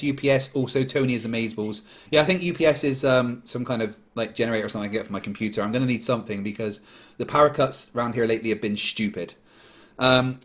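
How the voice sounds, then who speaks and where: Man, livestream host, blunt, mid-pitched voice, reading viewer messages. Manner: blunt, dismissive. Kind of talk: casual livestream chat reading super chats.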